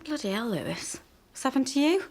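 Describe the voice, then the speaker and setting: A woman with a Northern English accent playing a sharp, sarcastic ex-wife and mother in a TV comedy drama. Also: sits high, sing-song, brisk, exaggerated voice.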